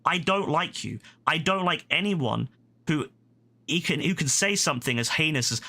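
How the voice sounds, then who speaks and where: A British man on a gaming livestream, ranting heatedly at someone in his chat. He swears a lot and keeps repeating himself, and his voice is bright and forceful. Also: on the high side, animated, moderate pace, gravelly. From Britain. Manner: heated, profane and repetitive. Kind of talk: angry rant at a chat viewer.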